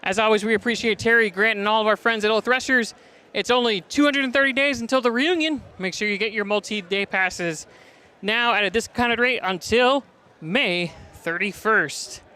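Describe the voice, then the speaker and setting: Bright breathless high school sports announcer man. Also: clean tone. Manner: energetic, fast-talking, reading stats and names. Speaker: play-by-play broadcaster. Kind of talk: sports broadcast preview. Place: top of gym bleachers.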